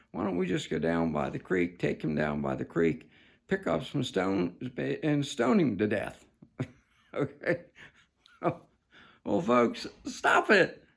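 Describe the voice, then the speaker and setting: A man's voice: medium pitch, vocal fry, darkish tone, slightly rough. A man delivering an emphatic, preachy political commentary monologue to camera, often calling his viewers "folks".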